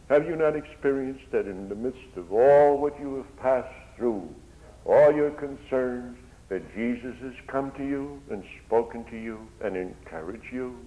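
A man preaching a sermon, impassioned, his voice swelling and dropping. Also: medium pitch. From Netherlands. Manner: impassioned, swells and drops in volume. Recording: dull lo-fi recording.

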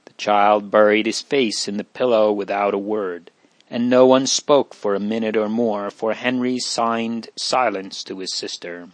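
A man reading a classic children's novel aloud in a measured, gentle storytelling manner. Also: lowish voice, fairly even intonation, no echo. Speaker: narrator.

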